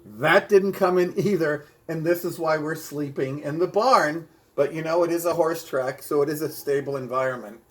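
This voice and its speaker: A man's voice: on the high side, moderate pace, hardly any pauses, low-quality recording. A man rehearsing a stand-up comedy bit, with punchy delivery and a repeated catchphrase. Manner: bilingual.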